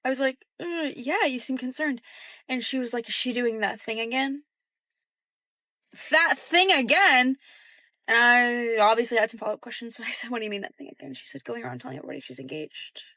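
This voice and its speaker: Young woman telling a story casually, acting out the quotes in a hushed voice. Bright and a bit high. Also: normal speed, no echo. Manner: chatty, acts out quoted dialogue in a hushed voice.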